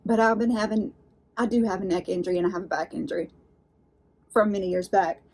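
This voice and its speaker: A woman with a Southern drawl talks her viewers through a subscription box. She rambles in a folksy way and keeps calling them "y'all". Her voice sits in an ordinary middle pitch. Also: fast, darkish tone, breathy edge. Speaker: unboxing channel host. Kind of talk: chatty unboxing vlog.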